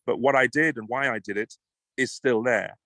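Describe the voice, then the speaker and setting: A man's voice: mid-range voice, normal speed, creaky, sharp tone, no echo. A British man speaks as an interview guest, passionate and emphatic. He often trips over the start of a sentence before pressing his point. The recording is dry, with no room sound. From United Kingdom. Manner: emphatic, passionate, repeats words when starting. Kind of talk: conversational interview.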